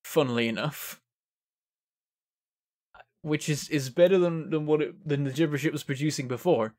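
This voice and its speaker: A man's voice: on the high side, moderate pace, a little mellow. A man giving casual gameplay commentary, thinking aloud as he works things out. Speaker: game streamer.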